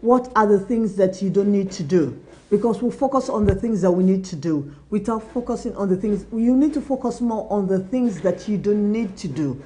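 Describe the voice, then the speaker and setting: A woman's voice: medium pitch, lively intonation, normal speed, mellow. A young woman hosting a motivational business talk, earnest and repetitive, acting out little dialogues as she advises. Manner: earnest, repetitive advice, acts out quoted dialogue. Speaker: business talk show host.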